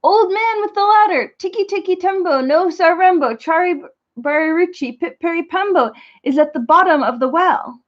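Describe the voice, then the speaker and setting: Lady putting on a tiny panting boy, high and urgent, kinda muffled lo-fi sound. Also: expressive, moderate pace. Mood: shouting. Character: small breathless boy, frantic and earnest. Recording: muffled lo-fi recording.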